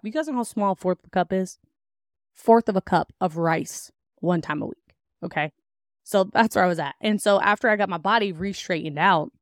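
On her podcast, a young woman with a lowish voice shares candid stories from her own life, chatting with plenty of laughs and the word "like" everywhere. It's a dry, studio-quality recording.

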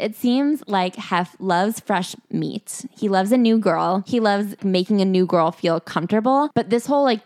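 A woman co-hosting a podcast, retelling a memoir in a gossipy, animated casual chat. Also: medium pitch, no echo, clean studio sound. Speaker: podcast co-host.

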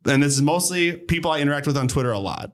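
A fairly high-pitched man co-hosting a podcast in casual chat. He talks with enthusiasm and laughs easily, keeping things light. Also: fast talker. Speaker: podcast co-host.

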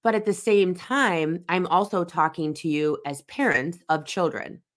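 Woman in her forties, low voice, earnest host sharing her own story, drives points home by repeating them. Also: unhurried. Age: 40s. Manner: earnest, emphatic repetition. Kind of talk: personal reflective monologue.

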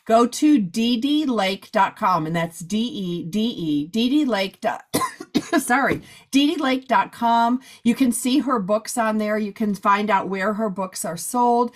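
A woman hosting a podcast, chatting casually and a bit hoarse after a long day of recording. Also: fairly high pitch, measured pace. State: hoarse, losing her voice. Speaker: podcast host. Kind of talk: casual chat.

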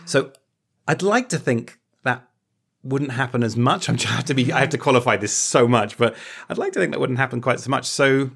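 A man's voice: mid-range voice, lively intonation, moderate pace, creaky, a bit bright, breathy edge. A man co-hosting a podcast in casual chat, explaining points thoughtfully and hedging his claims. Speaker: podcast co-host.

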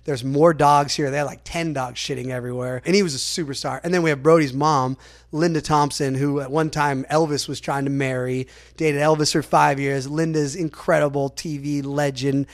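A man tells a long story as a podcast guest, his voice pitched a little higher than most men's. He rambles and is animated, stuffing his sentences with "like". He acts out the lines of other people as he goes. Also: normal speed. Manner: rambling, animated, packed with "like" fillers. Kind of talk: casual storytelling in an interview.

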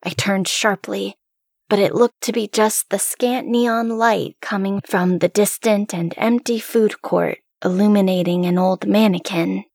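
A woman reading a first-person horror story aloud, hushed and suspenseful. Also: mid-range voice, fairly even intonation, a little slow, vocal fry, no echo, clean studio sound.

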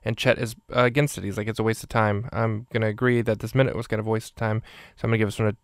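A man's voice: lowish voice, flat delivery, racing, smooth, no echo, clean studio sound. A man casually recapping a movie minute by minute and rating each one, in a rambling way with many fillers. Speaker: movie reviewer.

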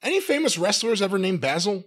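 Man, podcast co-host, deadpan teasing, high animated voice. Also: quick pace. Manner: deadpan teasing, pedantic asides. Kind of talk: casual podcast banter.

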